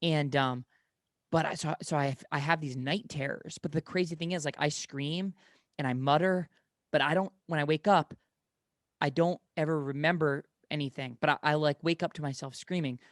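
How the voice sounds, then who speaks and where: A young man's voice sits a little high and comes across dry and close. He talks loosely, in long rambling stories full of restarts and self-corrections, as in a casual chat. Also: steady tone, normal speed, dry recording. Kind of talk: casual conversation.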